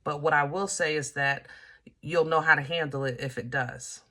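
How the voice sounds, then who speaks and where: A woman doing a casual tarot reading, talking straight to her viewers in a bright, forceful voice. She is chatty and emphatic, full of fillers and asides, and swings from loud to hushed. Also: deep voice, steady tone, normal speed. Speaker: tarot reader.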